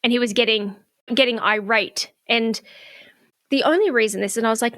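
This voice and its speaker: A woman's voice: fairly high pitch, a little fast, fairly bright tone, no echo, studio quality. A middle-aged woman co-hosting a podcast, candidly telling a personal story in casual chat. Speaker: podcast co-host.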